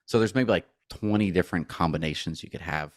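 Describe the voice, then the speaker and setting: A man talking casually on a podcast, telling stories with lively acted-out back-and-forth exchanges. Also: sits low, brisk, no room sound, studio quality. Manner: animated storyteller who acts out both sides of conversations. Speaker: podcast co-host.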